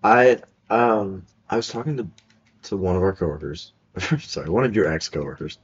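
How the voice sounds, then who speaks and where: Young man, casual podcast co-host, lively swings in pitch, dull lo-fi recording. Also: normal speed, breathy edge. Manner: laughs often, animated, trails off mid-sentence. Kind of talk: casual chat.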